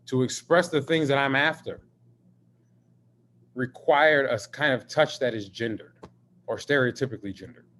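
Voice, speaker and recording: A man, an artist, talking in a live-streamed video conversation, an expressive and emphatic storyteller who swears freely. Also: mid-range voice, a little hiss or hum. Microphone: video call.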